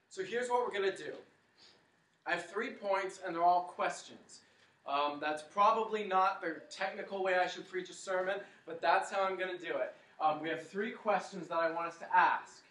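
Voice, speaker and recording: Leading his congregation in a chant, this man tells the sermon's story with drama, his voice pitched high and a touch bright. The recording comes from an echoey church hall with the mic placed at a distance.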